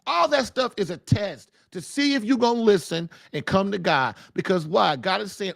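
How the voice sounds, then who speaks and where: High-pitched gravelly male host, fiery. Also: animated, moderate pace, hardly any pauses, a bit bright, dry recording, studio quality. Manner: emphatic, folksy slang, repeats phrases for punch. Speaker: podcast host. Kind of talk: preaching-style casual talk.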